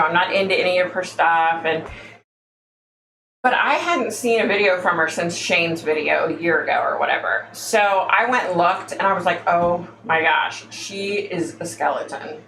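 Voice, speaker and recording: Calling her viewers y'all, a woman chats with exasperation through a casual psychic livestream. Her voice is lowish and fairly bright. Faint background noise sits in an echoey room.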